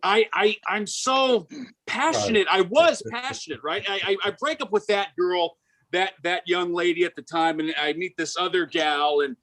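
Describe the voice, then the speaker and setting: A man in his forties doing a stand-up set, hyper and animated, often stammering and restarting his lines. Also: high voice, normal speed, over a noisy crowd. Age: 40s. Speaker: stand-up comedian.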